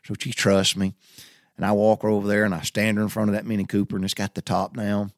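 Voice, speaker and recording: A man's voice: fairly low pitch, level tone, fast, no room sound, clean studio sound. A man telling viewers a long personal story in a folksy, easygoing way. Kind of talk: casual anecdote told to viewers.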